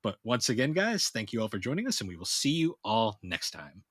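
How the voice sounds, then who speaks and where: Bright-voiced male podcast host. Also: fairly low pitch, fairly quick, breathy edge, no echo, clean studio sound. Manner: relaxed, laughing easily. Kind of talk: casual chat.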